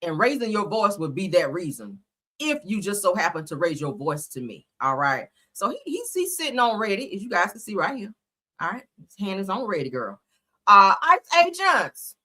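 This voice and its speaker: A woman's voice: mid-range voice, bright, forceful tone, slightly rough. A woman hosting a livestream, giving casual, slangy commentary and laughing often. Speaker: livestream host.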